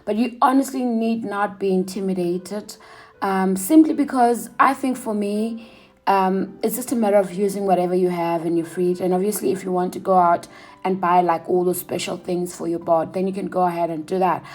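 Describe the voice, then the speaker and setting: This thirty-something woman vlogger reflects aloud in a heartfelt, earnest way, her mid-pitched voice steady and darkish in tone. At times she stalls on fillers and restarts what she was saying.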